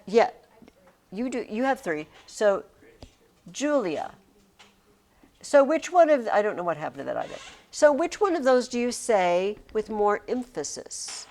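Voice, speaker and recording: A woman's voice: mid-range voice, big pitch swings, normal speed, darkish tone. A woman teacher talking to her class in a chatty, rambling way, often breaking off mid-sentence. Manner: chatty, rambling, self-interrupting.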